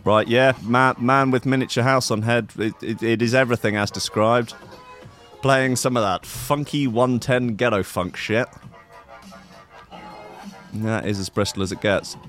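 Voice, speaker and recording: This male host of a comic show rambles through strange news clips with sardonic, profane commentary. His voice is mid-range and fairly bright, with fairly even intonation and a slightly slow pace, over soft background music.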